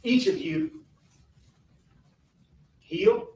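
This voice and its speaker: Man giving a halting courtroom statement. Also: very high voice, wildly swooping pitch, creaky, darkish tone. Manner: slow, halting and repetitive, apologetic. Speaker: defendant addressing the court. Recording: echoey distant courtroom audio.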